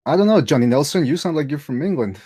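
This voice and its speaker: A man on an online boxing panel, talking fast and answering challenges with incredulous, defensive questions. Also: fairly high pitch, lively intonation, warm tone, husky. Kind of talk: heated livestream debate.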